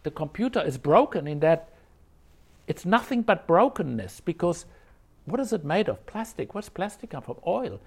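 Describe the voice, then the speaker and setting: A man teaching as a Zen teacher, explaining a koan in a conversational, animated way and acting out the quotes. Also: high-pitched, creaky, husky. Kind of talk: dharma talk on a koan.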